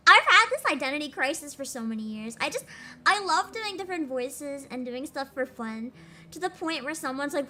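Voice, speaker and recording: A woman's voice: sits high, expressive, fairly quick, pushed and bright, a little hiss or hum. A young woman streamer chatting casually and rambling with giggles, playful with her voice. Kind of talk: casual chat over a game stream.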